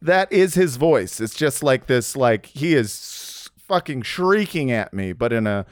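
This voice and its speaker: A man's voice: mid-range voice, expressive, unhurried, no room sound, studio quality. A young man co-hosting a comedic podcast, crude, rambling and jokey. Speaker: podcast co-host. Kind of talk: casual comedic chat.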